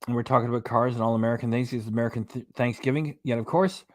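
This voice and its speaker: A man's voice: medium pitch, steady tone, racing, dry recording, clean studio sound. A man hosting a casual livestream, reading viewer comments aloud and rambling between topics. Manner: rambling, chatty, reads out chat messages and web pages. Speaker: host of a reaction livestream.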